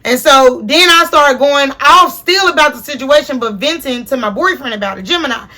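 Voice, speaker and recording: Young woman vlogger, high bright voice, animated and profane, chatting to her viewers. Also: normal speed. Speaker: storyteller host. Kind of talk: casual storytime vlog.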